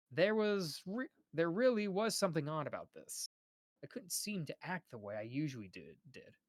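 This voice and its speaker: A man's voice: a little high, a bit bright, dry recording, clean studio sound. A young man reading a novel aloud on a live stream, often stumbling over names and restarting words.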